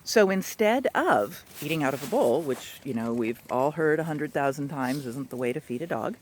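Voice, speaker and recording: A man working as a dog trainer, giving an instructional talk in a chatty, animated way with playful asides. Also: a little high, moderate pace, a little hiss or hum.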